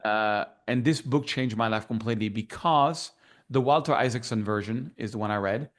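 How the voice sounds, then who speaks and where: A man with a French accent sits as a guest in a relaxed interview. He tells his story with lively energy and acts out past conversations. His voice sits at an ordinary pitch for a man. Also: normal speed. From France. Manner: animated storyteller who acts out remembered dialogue.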